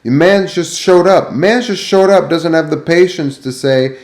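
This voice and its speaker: A man's voice: a little high, moderate pace, few pauses. A man ranting, echoey room. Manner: profane, rambling, animated. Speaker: vlogger. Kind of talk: ranting vlog storytelling.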